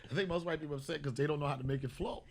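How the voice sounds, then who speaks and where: A man hosting a comedy podcast, telling stories in a casual, profane way and bursting into loud shouted bits. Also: on the high side, very fast, slight background noise.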